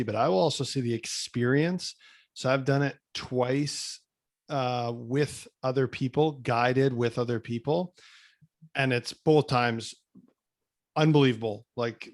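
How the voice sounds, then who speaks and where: Reflective man hosting a podcast. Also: mid-range voice. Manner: reflective, shares personal experience, halting restarts. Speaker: podcast host. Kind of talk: podcast interview conversation.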